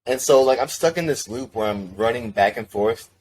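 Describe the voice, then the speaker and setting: A man's voice: medium pitch, expressive, normal speed, darkish tone, a little hiss or hum. Tell it loose and rambling, a young guy in a mid-range voice, piling on fillers. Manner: rambling, lots of "like" and restarts. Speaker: band member, podcast guest. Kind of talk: casual storytelling.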